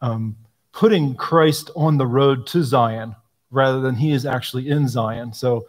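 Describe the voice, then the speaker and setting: A man answering questions about a hymnal, explaining thoughtfully with frequent pauses and ums. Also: medium pitch. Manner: thoughtful, explanatory, frequent ums, quotes hymn lines aloud. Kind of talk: live Q&A talk.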